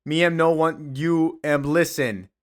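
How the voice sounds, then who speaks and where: A man putting on a booming, dim backwards-talking Bizarro. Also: steady tone, measured pace, close to an everyday voice. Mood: commanding. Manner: broken backwards grammar, booming and boastful. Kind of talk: comic recap acting out quotes.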